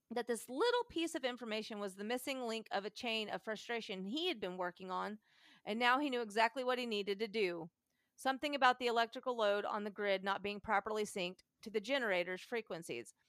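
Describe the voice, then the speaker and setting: Animated woman reading aloud on a podcast. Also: on the high side, a little fast, dry recording, studio quality. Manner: animated, laughs often, shifts pace while reading. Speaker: podcast co-host reading an internet post. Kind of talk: casual dramatic reading.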